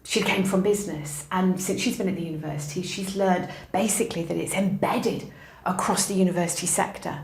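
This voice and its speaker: A woman's voice: lowish voice, steady tone, a little fast, gravelly, a little hiss or hum. A middle-aged woman, a university educator, answering interview questions in an emphatic, encouraging way and telling anecdotes. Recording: echoey room.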